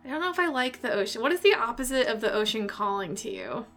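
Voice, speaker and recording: A woman's voice: on the high side, expressive, fast, a bit bright. A woman playing a tabletop role-playing game, curious and playful. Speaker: player.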